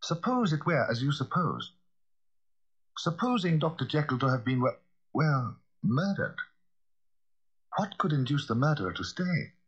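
A man voicing a startled middle-aged lawyer who talks in a brisk, questioning way. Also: on the high side, very animated, a bit bright, husky, highs cut off, pitched above the performer's own voice, heavily acted. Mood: reasoning.

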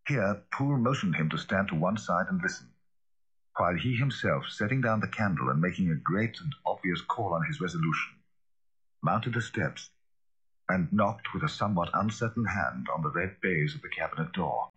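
A man narrating a classic novel as an audiobook, in a measured, grave way. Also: deep voice, expressive, a bit bright, slightly rough, highs cut off.

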